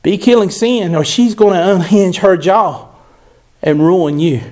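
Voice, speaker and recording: A man's voice: high-pitched, unhurried, a little mellow. A man preaching a sermon, emphatic and repeating phrases for stress.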